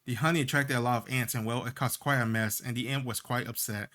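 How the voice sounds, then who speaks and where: A man's voice: medium pitch, steady tone, fast, pushed and bright, lightly acted. A man reading the lines of a sly, teasing female fairy in a video game. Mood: taunting.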